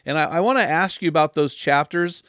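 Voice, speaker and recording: A man's voice: fairly high pitch, brisk, fairly bright tone, no echo, clean studio sound. Eager man hosting an interview. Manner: enthusiastic, stumbles over words. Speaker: interview host. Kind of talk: interview questions.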